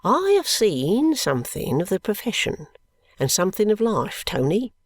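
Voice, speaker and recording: Young male law clerk, scheming, confiding, half-whispered, raised pitch, dry recording, as a reader puts him on. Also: huge pitch swings, normal speed, no echo. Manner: confiding, drops to a hushed whisper.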